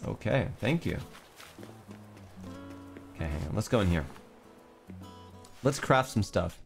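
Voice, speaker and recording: A man's voice: mid-range voice, very animated, unhurried, vocal fry, long pauses, faint music behind. A young man streaming a cartoon life game, chatting casually and thinking aloud as he plays. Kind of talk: casual gameplay commentary.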